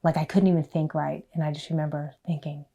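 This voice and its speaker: A middle-aged woman telling a personal story in a documentary interview, earnest and self-deprecating, sometimes dropping to a hush and sometimes getting loud. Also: low voice, level tone, fast, creaky.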